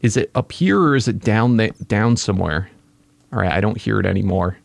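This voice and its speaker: A man narrating his own game play as he goes, an excitable gamer who exclaims at the creatures he finds. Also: fairly low pitch, fairly quick, gravelly, no room sound. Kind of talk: casual gaming commentary.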